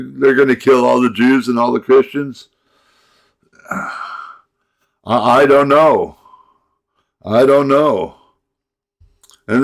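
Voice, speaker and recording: A middle-aged man delivers a rambling monologue rant at an unhurried, dragging pace. He stumbles and repeats himself, sighs heavily, and now and then bursts out angrily. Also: medium pitch. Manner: halting, repeats words, angry outbursts, sighs. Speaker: vlogger.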